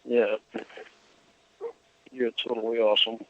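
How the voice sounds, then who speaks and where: A man's voice: medium pitch, flat delivery, a little hiss or hum. Hesitant man on a muffled radio call. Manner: halting, simple, hesitant phrasing. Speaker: radio caller.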